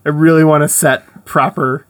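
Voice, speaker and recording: A man's voice: a little high, flat delivery, moderate pace. A man rambling through casual podcast banter. He hedges and jokes at his own expense as he talks. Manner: rambling, self-deprecating. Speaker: podcast co-host.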